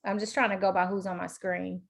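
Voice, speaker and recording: Woman, Southern US accent, mid-pitched, conversational moderator, friendly. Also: little pitch movement, fairly quick, gravelly. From Mississippi, US. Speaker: panel moderator. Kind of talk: webinar moderation.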